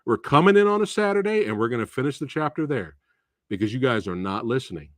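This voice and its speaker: A man's voice: mid-range voice, animated, fast, no room sound, studio quality, close to an everyday voice. A man voicing an exasperated schoolteacher lecturing his class. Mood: stern. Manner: stern, lecturing. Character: exasperated male schoolteacher, stern.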